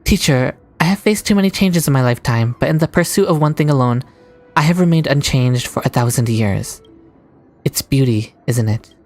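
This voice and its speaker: A woman reading aloud the lines of a calm, resolute dying woman from a game, in a steady, low voice. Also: moderate pace, soft background music. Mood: solemn.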